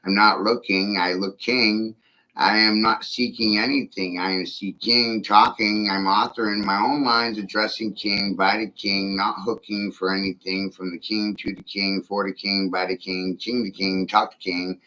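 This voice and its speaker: A man's voice: on the low side, fairly even intonation, normal speed, sharp tone, poor audio. A man delivering an insistent, profane spoken-word monologue built on chanted, repeating rhymes.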